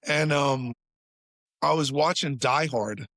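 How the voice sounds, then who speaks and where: A man's voice: mid-range voice, steady tone, a little slow, gravelly, sharp tone, dry recording. A man, a podcast guest, telling a story in casual chat, swearing freely and acting out quotes in a raised voice.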